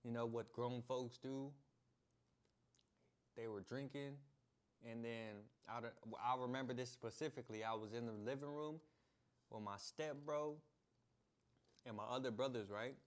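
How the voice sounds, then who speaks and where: A man's voice: medium pitch, steady tone, measured pace, long pauses. A young man, a vlogger, telling a story in a casual, slangy way, laughing and acting out the scenes. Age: young adult.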